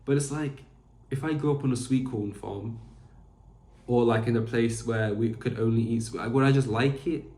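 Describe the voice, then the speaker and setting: Hosting a podcast by himself, a young man rambles casually with frequent fillers and restarts at a moderate pace. His voice is medium-pitched and warm, and the recording room echoes.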